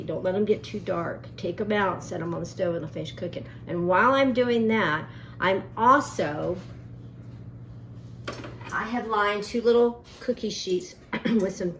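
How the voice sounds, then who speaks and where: A woman's voice: mid-range voice, a little hiss or hum. Folksy woman hosting a home cooking demo. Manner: chatty, folksy, tells family stories while cooking. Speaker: cooking show host. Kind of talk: casual cooking demonstration.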